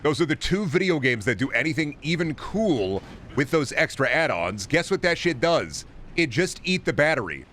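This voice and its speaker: A man's voice: on the high side, sing-song, moderate pace, fairly bright tone, slight background noise. A man streaming a shooter game, talking to his chat in a profane, blunt and mocking way. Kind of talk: casual game commentary to chat.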